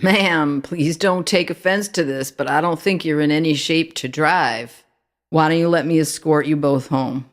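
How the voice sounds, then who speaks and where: A woman's voice: low-pitched, moderate pace, close to an everyday voice. Courteous young patrolman, folksy and long-winded, read by a woman. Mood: polite. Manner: polite, folksy, rambling. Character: young police officer, friendly and chatty.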